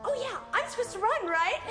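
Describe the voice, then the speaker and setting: Bratty cheerleader teen, taunting, long reverb and music behind. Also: female voice, very high voice, animated, moderate pace. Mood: sarcastic. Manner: sarcastic, taunting. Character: snobby mocking teen cheerleader girl. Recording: echoey film audio with loud music.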